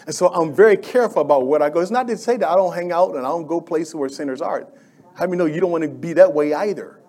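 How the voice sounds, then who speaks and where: A middle-aged man preaching with fervent, conversational energy. His voice sits high for a man, and he repeats phrases and calls out to the congregation as he builds his points. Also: quick pace, darkish tone. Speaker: pastor. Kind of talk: sermon.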